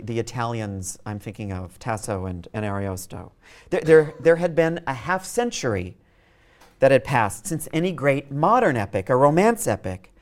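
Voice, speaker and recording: A man giving a university literature lecture. He thinks aloud, often restarts and repeats words, and reads verse aloud while tapping out its meter with spoken beats. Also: medium pitch.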